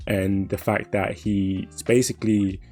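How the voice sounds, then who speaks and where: Low, flat-voiced man reflecting. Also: soft background music. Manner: measured, reflective, many fillers. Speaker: podcast co-host. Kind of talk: casual anime discussion.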